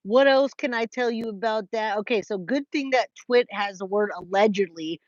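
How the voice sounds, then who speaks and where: A woman's voice: fairly high pitch, normal speed, dry recording. A woman hosting a casual livestream, chatting with viewers and greeting them by name, with lots of restarts. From California. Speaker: livestream host reading chat. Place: trailer. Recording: dry, slightly dull lo-fi sound.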